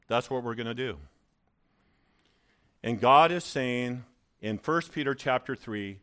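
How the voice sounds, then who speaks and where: Animated storytelling male pastor. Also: mid-range voice, a little slow, long pauses. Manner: animated storyteller, stammering restarts. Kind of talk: sermon with personal story. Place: church.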